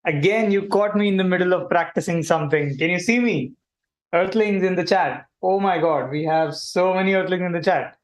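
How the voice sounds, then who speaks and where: Man as cheerful alien livestream host, a bit high-voiced, chatty with the audience. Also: normal speed, close to an everyday voice. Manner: animated, chatty, addresses viewers directly. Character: friendly male alien visitor hosting a kids' stream. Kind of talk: playful kids' livestream hosting.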